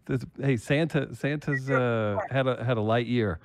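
A man's voice: mid-range voice, unhurried, no echo. A man co-hosting a casual chat, laid-back and joking. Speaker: co-host.

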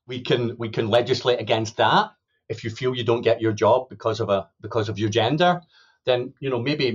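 A man's voice: medium pitch, muffled recording. A man, a sociolinguistics academic, earnestly explaining research findings in an interview, hesitant with many restarts. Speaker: sociolinguistics academic, podcast guest.

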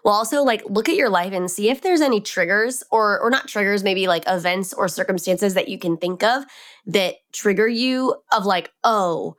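A young woman co-hosting a podcast. She chats in a warm-hearted, loose way, with "like" dropped into nearly every sentence. Her voice sits at a middle pitch. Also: moderate pace. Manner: chatty, warm-hearted, many "like" fillers. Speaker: podcast co-host. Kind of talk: casual podcast chat.

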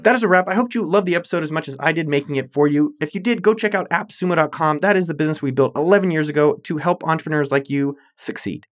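Fast-talking upbeat man hosting a podcast. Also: a little high, dry recording, studio quality, faint music behind. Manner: upbeat, playful, salesy. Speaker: podcast host. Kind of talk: energetic solo podcast talk.

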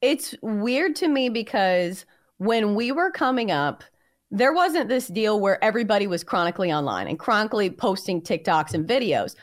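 A woman's voice: medium pitch, moderate pace, no echo, studio quality. A woman from the American South with a light Southern accent, co-hosting a podcast and chatting casually with her co-host. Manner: animated, chatty, questioning. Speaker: co-host, journalist. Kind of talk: casual chat.

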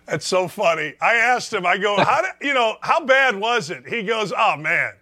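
A middle-aged man hosting a sports talk show, energetic and quick to laugh. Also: high-pitched.

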